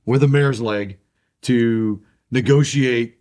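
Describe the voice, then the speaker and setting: A man's voice: medium pitch, takes it slowly, darkish tone. A man co-hosting a casual podcast chat, talking loosely with lots of fillers and laughs. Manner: chatty, laughs often, filler-heavy. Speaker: podcast co-host.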